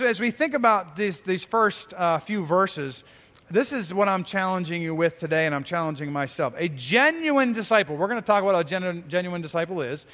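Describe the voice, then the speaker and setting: High-voiced pastor preaching in a reverberant church. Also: male voice, bright, forceful tone. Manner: musing, repeats words, reads scripture slowly. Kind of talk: sermon.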